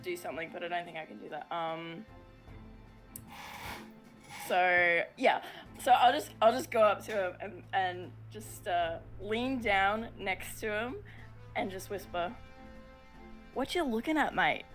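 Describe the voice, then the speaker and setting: A woman plays in a tabletop game and talks slowly, with frequent "um" and "like" between her thoughts. Her casual chat comes over faint background music. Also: mid-range voice, a bit bright. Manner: hesitant, many "um" and "like" fillers. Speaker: player.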